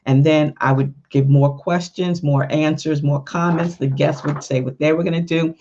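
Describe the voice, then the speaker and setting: A woman's voice: deep voice, moderate pace, dull audio, slight background noise. Chatty woman giving podcast advice. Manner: chatty, animated, frequent "you know" asides. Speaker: podcast host. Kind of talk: casual podcast advice monologue.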